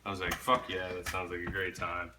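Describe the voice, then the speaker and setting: A man's voice: sits low, flat delivery, brisk, background noise. A young man telling a story in casual chat, laid-back, swearing often and laughing along.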